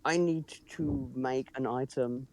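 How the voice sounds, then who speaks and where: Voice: mid-range voice, slow pace, background noise. Hesitant tabletop player, lots of ums. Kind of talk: casual tabletop play.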